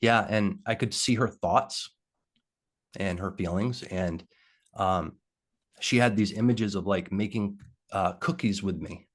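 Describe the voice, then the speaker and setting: Guy with a really low voice, telling his story on a video call, lots of ums and pauses. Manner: halting, heavy with fillers. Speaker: interview guest.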